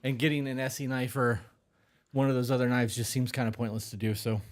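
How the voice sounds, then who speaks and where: A man's voice: mid-range voice, level tone, a little fast. A man co-hosting a podcast live stream, chatting casually with dry, blunt, teasing humor. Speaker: podcast co-host.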